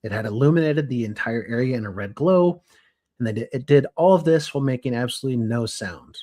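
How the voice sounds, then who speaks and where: A young adult man co-hosting a podcast, telling a story from his notes in a lively, casual way with frequent restarts. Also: medium pitch, fast talker. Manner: animated, restarts and self-corrections. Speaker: podcast co-host.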